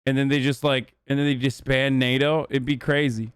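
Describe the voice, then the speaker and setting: A man's voice: medium pitch, flat delivery, normal speed, smooth, no echo. A man on a livestream talking in loose, profane, rambling casual chat into a close mic.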